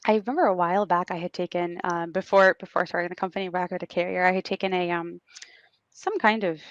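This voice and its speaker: Gravelly low-voiced woman, reflective guest. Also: fairly even intonation, dull audio. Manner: reflective and measured, with frequent ums. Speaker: claims executive guest. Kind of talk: podcast interview answers.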